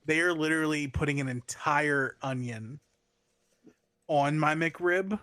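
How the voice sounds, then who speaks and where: Man, podcast co-host, playful, emphatic, slightly high voice, dry mic. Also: measured pace, bright, forceful tone, dry recording. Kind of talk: casual chat.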